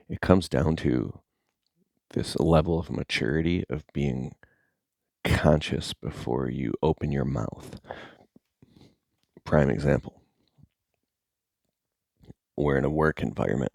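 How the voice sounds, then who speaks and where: A middle-aged man talking casually to camera as a content creator, rambling and animated, sometimes dropping to a near-whisper. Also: rumbling low, gravelly, no room sound, clean studio sound.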